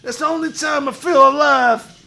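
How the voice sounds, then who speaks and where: A man playing a crude, boastful washed-up pro wrestler who talks about himself in the third person and shouts his lines. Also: extremely high pitch, steady tone, moderate pace, soft background music, full character voice. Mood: swaggering bravado. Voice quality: gravelly, shouty bravado. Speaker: streamer in character. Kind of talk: improvised comedy stream.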